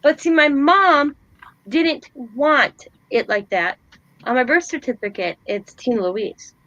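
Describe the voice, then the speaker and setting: A woman in her forties hosting a casual craft chat, telling stories in a chatty, animated way. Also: sits high, a little slow, no echo, highs cut off. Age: 40s. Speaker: host.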